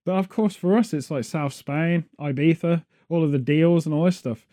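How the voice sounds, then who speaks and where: Joking man with a mellow voice. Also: fairly high pitch, normal speed. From Britain. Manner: rambling, joking, sarcastic. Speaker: podcast host. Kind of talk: casual chat.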